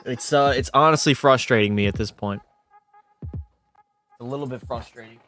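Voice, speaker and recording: A man's voice: mid-range voice, normal speed, fairly bright tone, soft background music. A young man streaming a game, tipsy from beer, who swears freely and argues back at his chat. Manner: profane, argumentative, talks back to chat. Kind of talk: casual live-stream chat.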